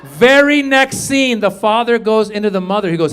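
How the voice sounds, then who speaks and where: A middle-aged man doing a stand-up comedy set, telling stories with animated delivery and squeaky put-on voices. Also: normal speed, hardly any pauses, some chatter behind, a little hiss or hum. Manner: animated storytelling, acts out high squeaky voices. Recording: live stage mic, audience laughter. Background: audience laughter and room ambience.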